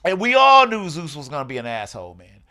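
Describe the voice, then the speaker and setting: A man's voice: fairly high pitch, fast talker. A man hosting a casual podcast, swearing freely and laughing as he reviews a film. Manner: animated, profane, laughing storyteller. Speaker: podcast host. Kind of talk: casual movie review chat.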